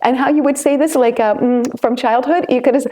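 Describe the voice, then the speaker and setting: A woman gives a channeled spiritual message in a fairly high but mellow voice. She hesitates often and fills gaps with fillers. She weaves chanted syllables between her phrases. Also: steady tone. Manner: halting, searching for words with many fillers.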